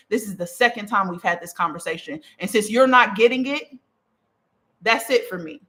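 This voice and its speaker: A woman coaching on communication in a casual teaching talk, emphatic and animated, checking in with the listener after nearly every point. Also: on the high side, normal speed. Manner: emphatic, checks in with "okay?" and "right?"; animated, punchy delivery.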